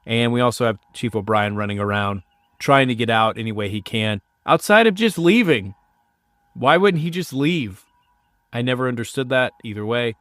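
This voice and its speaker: A man hosts a podcast on his own in casual, chatty talk with self-mocking asides. His voice sits low and he is still getting over a sinus cold. He is close on the mic in a dry, dead room. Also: fairly bright tone, no echo. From United States. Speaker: podcast host.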